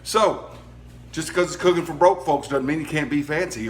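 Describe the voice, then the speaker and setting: A man's voice: on the high side, normal speed, a little hiss or hum. A middle-aged man hosts a casual cooking vlog outdoors at a grill, joking and chatting with his kids in a folksy way. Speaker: cooking show host and father.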